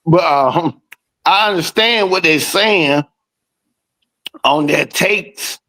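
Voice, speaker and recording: A man in a casual podcast chat, talking while he eats, animated and full of swearing. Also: fairly high pitch, drawn-out words, poor audio. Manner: profane, animated, talks while eating. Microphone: streaming call.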